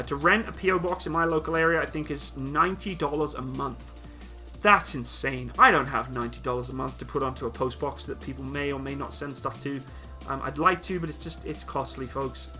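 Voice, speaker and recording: A young man from Britain hosts a casual live question-and-answer stream, reading viewers' comments aloud and answering them in a blunt, teasing way. His voice sits a little high for a man and comes across bright and forceful. Faint music plays quietly behind him. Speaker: livestream host answering chat questions.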